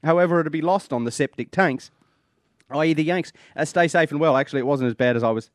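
A man's voice: a little high, fast, no echo. A man co-hosts a podcast in joking, casual banter, with a wry, teasing delivery and frequent laughs. The recording is dry and close, with no room sound behind him. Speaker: podcast co-host.

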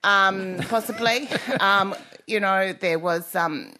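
A woman's voice: medium pitch, takes it slowly, background noise. A woman on a radio chat making wry jokes about her family, giggling as she goes. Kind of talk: casual chat.

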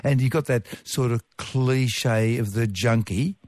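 A man explaining how itching works to others in a conversation, going through his points one by one in a measured way. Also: medium pitch, darkish tone, no echo. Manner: measured, numbered points, dry asides. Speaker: expert guest explaining science.

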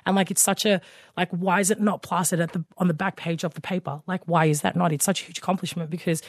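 A woman's voice: fairly low pitch, fairly even intonation, fast, dry recording, studio quality. A woman, co-hosting a casual radio sports chat, talking with many fillers and restarts. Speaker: co-host.

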